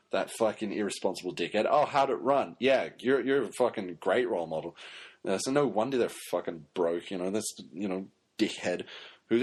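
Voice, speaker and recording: Casting: male podcaster, low husky voice, sarcastic sweary rant. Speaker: podcast host. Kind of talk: casual solo commentary.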